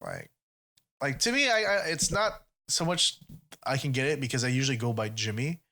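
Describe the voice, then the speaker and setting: Male podcast host, mid-range voice, casual and profane, animated storyteller. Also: medium pitch, moderate pace. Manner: laid-back and profane, retells stories in quoted voices.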